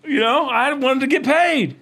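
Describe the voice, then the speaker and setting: A man's voice: very high-pitched, unhurried, vocal fry, sharp tone. A man from Florida, a roofing salesman guest, telling blunt, brash stories in casual slangy chat.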